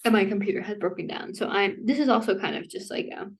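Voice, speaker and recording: Rambling woman vlogger, a bit off-mic. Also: medium pitch. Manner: rambling, self-interrupting, full of "like" and quick apologies; laughs between thoughts. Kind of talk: casual rambling rant to camera. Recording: voice somewhat distant from the mic.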